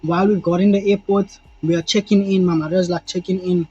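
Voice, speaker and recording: A young South African man telling a rambling, animated story to camera, swearing freely and acting out moments as he goes. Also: high voice, brisk, slight background noise. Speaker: vlogger. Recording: dull lo-fi sound with faint music.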